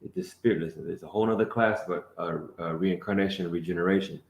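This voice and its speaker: A fiery preacher with a very deep voice drives his points home with emphasis, tagging his lines with "man." He is heard in an echoey room. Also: quick pace. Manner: emphatic, calls out prompts, tags lines with "man". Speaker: lead teacher of the class. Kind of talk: fiery street-preaching sermon.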